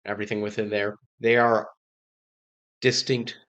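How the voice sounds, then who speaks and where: Male podcast guest, steady and sure, conversational. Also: on the low side, normal speed, dull audio. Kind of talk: casual podcast discussion.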